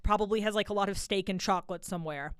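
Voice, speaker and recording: A woman's voice: mid-range voice, very fast, clean tone, dry recording, clean studio sound. A young woman DJ chatting casually on her radio show, rambling through stories with laughs in between. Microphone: studio mic.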